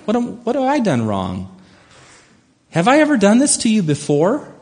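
A man doing a high plaintive talking donkey. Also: huge pitch swings, moderate pace, a little mellow. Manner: high pleading squeals. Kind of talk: sermon storytelling.

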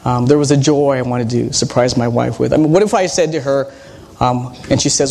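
Gravelly-voiced pastor preaching in a relaxed way. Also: male voice, mid-range voice, moderate pace, long pauses, noisy background. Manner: relaxed, hesitant, frequent ums and restarts. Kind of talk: conversational sermon with personal stories.

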